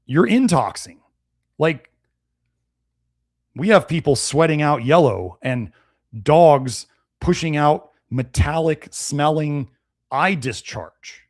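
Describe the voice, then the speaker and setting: A man hosting a nutrition live stream, answering viewer comments in a blunt, conversational and animated way. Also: on the high side, slow, pauses often, dry recording, studio quality. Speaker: nutrition show host.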